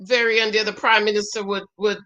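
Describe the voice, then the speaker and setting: A woman's voice: medium pitch, level tone, fairly quick, pushed and bright, dull audio. A woman in her forties from Jamaica, chatting and exclaiming as she reacts live to a show, greeting her viewers. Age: 40s. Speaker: reaction host. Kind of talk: live watch-along commentary.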